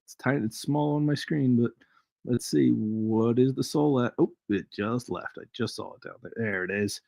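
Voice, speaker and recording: A man's voice: mid-range voice, moderate pace, creaky, darkish tone, dry recording. A man hosting a casual live trading stream, chatty and jokey, chuckling as he reads charts aloud. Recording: dry, dull lo-fi stream audio.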